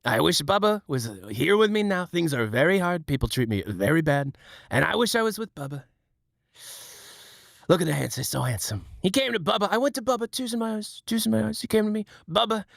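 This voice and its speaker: A man doing an impression of a mournful older male politician, speaking in sad, halting, repetitive phrases. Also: high voice, animated, creaky, a bit bright, no room sound, clean studio sound, voice pushed up, exaggerated voice.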